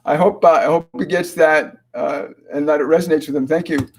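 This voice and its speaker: Male medium hosting a live stream, slightly high voice, slow and measured, often pausing to restart. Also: steady tone, slight background noise. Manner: halting, with many fillers and restarts; slow, measured delivery when relaying messages. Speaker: spiritual medium and host.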